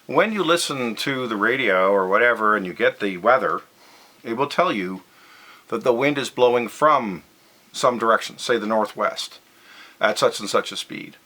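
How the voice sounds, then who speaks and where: A man's voice: on the low side, animated, moderate pace, sharp tone. A man teaching a physics lesson over slides, methodical and step by step, stressing the key words.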